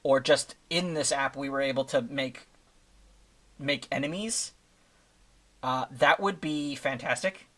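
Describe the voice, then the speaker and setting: A man's voice: mid-range voice, measured pace, pauses often, bright, forceful tone. A man casually commenting while he works on a live stream, thinking aloud with lots of fillers and restarts. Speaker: streamer making thumbnails.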